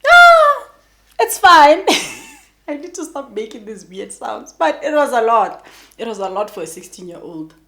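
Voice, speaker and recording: A woman's voice: fairly high pitch, moderate pace, creaky. A young South African woman with a South African accent, telling a personal story in a casual, chatty way and talking straight to her viewers. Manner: animated, chatty, addresses viewers as guys. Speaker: YouTuber.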